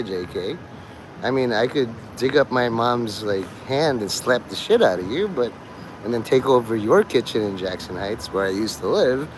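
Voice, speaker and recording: A man's voice: medium pitch, slight background noise. Profane, joking man livestreaming. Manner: profane, joking, laughs often. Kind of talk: rambling livestream chat.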